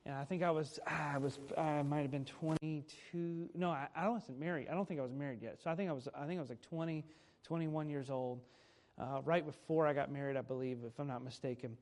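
Guy in his 30s preaching, chatty sermon style, kinda high voice, pauses for effect and corrects himself a lot. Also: steady tone, darkish tone. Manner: conversational preaching with dramatic pauses and self-corrections. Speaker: pastor.

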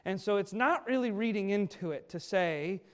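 Higher-voiced man preaching a lively sermon. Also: moderate pace. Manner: animated preaching, acting out quoted speech. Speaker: pastor.

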